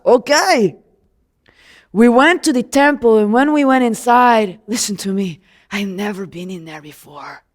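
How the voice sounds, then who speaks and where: A woman telling the tale as a newly sighted man, slow and earnest. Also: medium pitch. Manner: animated, conversational storytelling with asides to the audience. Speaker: storyteller. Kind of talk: first-person biblical monologue.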